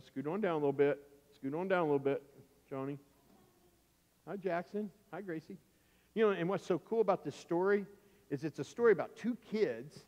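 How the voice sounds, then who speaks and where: A man, a pastor, telling a Bible story to children in church, animated and playful, acting out the characters' voices. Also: fairly high pitch. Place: church sanctuary. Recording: church hall reverb.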